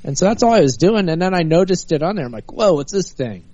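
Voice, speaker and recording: A co-host chatting casually and explaining things in an easygoing way. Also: male voice, high-pitched, lively intonation, quick pace, warm tone, no room sound. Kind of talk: casual chat. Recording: dull lo-fi audio.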